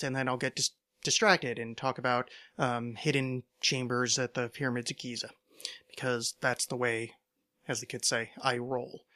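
A man from the United States hosts his own podcast, speaking alone into a home podcast microphone at a moderate pace. His medium-pitched voice is bright and forceful yet flat in delivery, and his casual solo monologue rambles, with self-deprecating humor and wry asides.

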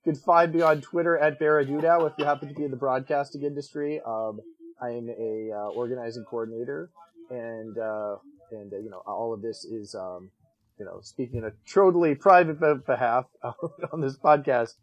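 A man chatting on a podcast, halting and full of fillers. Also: medium pitch, muffled recording. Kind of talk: casual chat.

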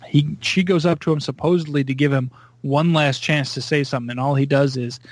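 Excitable guy on a podcast, kinda high voice, acts out his reactions, dry close sound. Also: a little fast, no room sound. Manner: excitable, acts out his own reactions with big pitch jumps. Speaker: podcast co-host. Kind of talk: casual chat.

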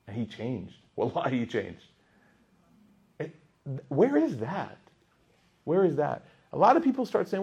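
A young man teaching a class, telling stories in a lively way that swings between loud emphasis and hushed asides. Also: medium pitch, unhurried, vocal fry, long pauses, slightly rough, dull audio. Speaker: Islamic teacher. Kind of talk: lively class talk with storytelling.

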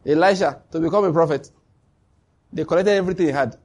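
Husky animated preacher, laughing often. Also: male voice, a little high, fast talker. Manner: animated storytelling, laughs often, acts out dialogue. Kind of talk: sermon.

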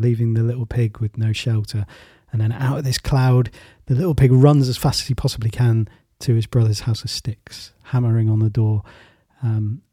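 Casting: male host, easygoing storyteller, husky, mellow, dry. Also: medium pitch, no echo. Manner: relaxed, rambling with fillers and restarts. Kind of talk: casual storytelling in a talk.

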